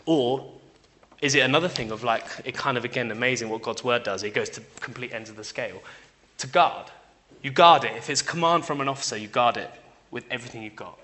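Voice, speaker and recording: A young man preaching in a casual, chatty way, his voice bright and forward. He checks in with the room often with a quick "yeah?" and moves between loud emphatic bursts and quiet asides. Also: mid-range voice. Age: young adult. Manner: conversational, checks in with listeners by asking "yeah?". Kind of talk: informal sermon.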